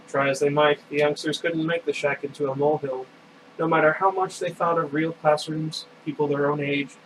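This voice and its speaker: A man casually reading a novel aloud, adding asides and correcting his own slips. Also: a little high. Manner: reads with asides and self-corrections. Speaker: reader of a novel. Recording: distant mic with air conditioner hum.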